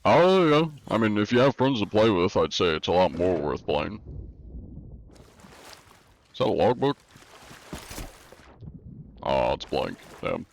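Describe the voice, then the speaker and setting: A man with a fairly low voice chats casually through a live game stream. He reads viewer messages aloud and answers them at an easy pace, leaning on plenty of "uh" fillers. A faint hiss sits under the recording. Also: sing-song, measured pace, creaky, long pauses. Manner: laid-back, reads chat aloud and answers it; frequent "uh" fillers.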